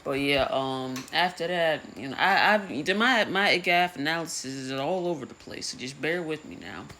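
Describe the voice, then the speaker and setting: A young woman giving a casual, profane recap of a TV episode, rambling and slangy with a deadpan delivery. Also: sits low, normal speed, slight background noise.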